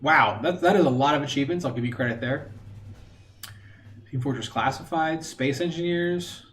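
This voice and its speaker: A man's voice: on the high side, moderate pace, fairly bright tone, soft background music. A man chatting casually while streaming a game, rambling between thoughts and throwing in mocking asides. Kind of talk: casual gaming stream chat.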